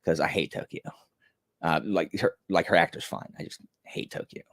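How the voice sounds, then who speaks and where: A man's voice: sits low, moderate pace, fairly bright tone, no room sound. A young man chatting casually on a live stream, rambling and self-deprecating with many fillers.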